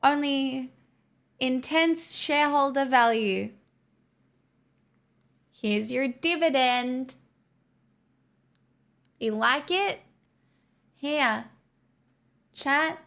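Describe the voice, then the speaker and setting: A woman's voice: high voice, extremely slow, long pauses, fairly bright tone. A woman livestreamer chatting casually with her viewers, using sarcastic, mock-corporate girlboss patter.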